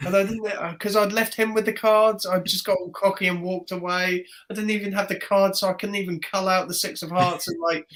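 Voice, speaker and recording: Animated man telling a story. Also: high voice, fairly quick, hardly any pauses. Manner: animated, acts out the voices of people in his stories. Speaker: guest magician. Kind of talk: casual storytelling.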